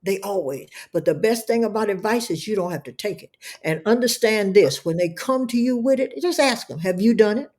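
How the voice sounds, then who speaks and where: A middle-aged woman speaks as an interview guest, telling a testimony with fervent, preacher-like conviction. Her voice sits at a middle pitch. She often doubles back and repeats words as she builds each point. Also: lively intonation, fairly quick, hardly any pauses, a little mellow. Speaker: guest, entrepreneur. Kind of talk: emotional testimony.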